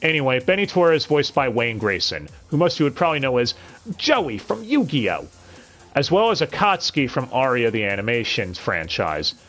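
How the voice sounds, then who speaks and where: A man's voice: medium pitch, big pitch swings, quick pace, few pauses, fairly bright tone, faint music behind. A man reviewing an anime dub on a live stream, talking casually with frequent stammered restarts and blunt, profane sarcasm.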